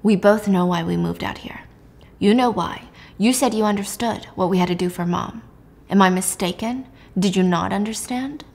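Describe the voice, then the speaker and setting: A woman voicing a controlling father who speaks formally and never raises his voice, making calm veiled threats. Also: medium pitch, moderate pace, gravelly. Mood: menacing. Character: cold controlling father, a doctor.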